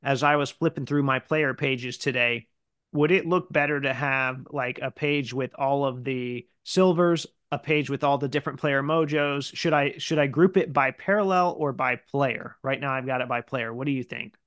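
A male podcast host chats easily, his voice smooth and resonant. The sound is dry and close, with no room around it. He talks in a loose, conversational way. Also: medium pitch, moderate pace, dry recording. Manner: relaxed, conversational, with frequent fillers. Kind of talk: casual podcast chat.

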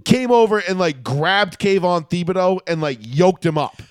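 A man's voice: sits high, moderate pace, clear, resonant tone, dry recording, clean studio sound. Heated, profane man on sports talk. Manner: heated, profane, animated storytelling. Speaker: podcast co-host. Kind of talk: casual sports chat.

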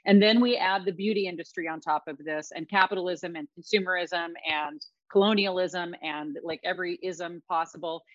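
A woman's voice: lowish voice, fairly even intonation, normal speed, few pauses, no room sound, muffled recording. A middle-aged woman speaking emphatically and reflectively in a casual podcast conversation, often repeating her words.

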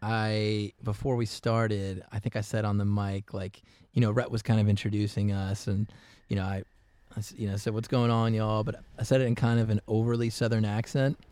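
Low-ish easygoing dude, lots of ums and laughs, dry mic. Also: male voice, little pitch movement, brisk, hardly any pauses, dark tone, dry recording. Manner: easygoing, laughs often, many fillers and restarts. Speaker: musician guest. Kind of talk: casual interview chat.

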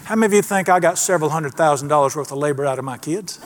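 A man's voice: on the high side, rapid-fire. A middle-aged man preaching a sermon in a folksy, emphatic way, asking the congregation questions. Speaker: pastor.

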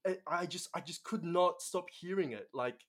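A man's voice: high-pitched, normal speed, fairly bright tone. A young man from Australia with an Australian accent, telling a story as a guest in casual conversation, chatty with many fillers.

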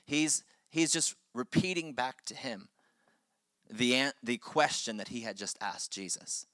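A man's voice: mid-range voice, lively intonation, a little slow, sharp tone, no room sound, clean studio sound. A man preaching a sermon as pastor, with impassioned delivery that swells and drops for emphasis.

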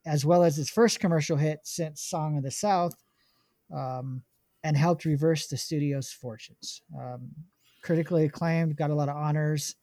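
A man's voice: fairly high pitch, moderate pace, mellow, no echo. Man reading film notes with ums. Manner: reads notes aloud with many ums and restarts. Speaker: podcast host. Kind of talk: casual podcast chat.

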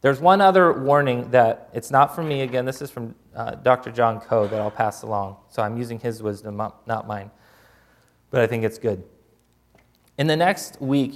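Male preacher, mid-pitched voice, plain everyday sermon delivery, acts out prayers in a hushed voice. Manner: acts out quoted prayers, voice dropping soft for them; plain, informal, with repeated restarts. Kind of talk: conversational sermon.

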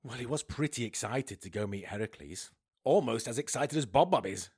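A man's voice: mid-range voice, expressive, a little fast, darkish tone, slightly rough. A man performing a scripted comedy sketch with sly, teasing lines. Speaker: comedy podcast regular.

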